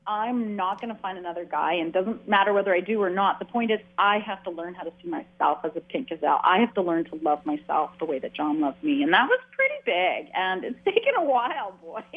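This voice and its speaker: A chatty woman from Canada, telling her story in a loose, rambling way and often restarting her sentences. Her voice comes through a thin, phone-like line that cuts off the lows and highs. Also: big pitch swings, a little fast, few pauses. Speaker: author and guest. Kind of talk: casual interview conversation.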